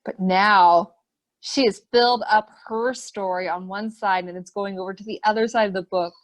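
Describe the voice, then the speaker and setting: A woman hosting a children's webinar, reading a picture book aloud and asking young children lots of questions with excited gasps. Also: mid-range voice, moderate pace. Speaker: children's program host. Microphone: webinar computer mic.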